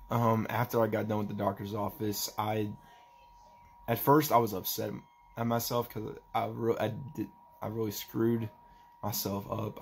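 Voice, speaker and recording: A young man talking in a personal vlog, halting and emotional as he tries not to cry, with a faint hiss behind him. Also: lowish voice, vocal fry. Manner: halting, emotional, restarts often. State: holding back tears. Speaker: vlogger.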